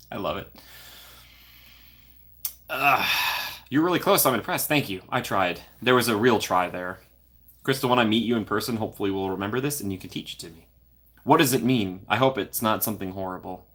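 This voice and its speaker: A man's voice: fairly low pitch, normal speed, long pauses, fairly bright tone. A young man hosting a casual livestream, playfully reading and answering viewer comments and laughing often. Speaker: livestream host.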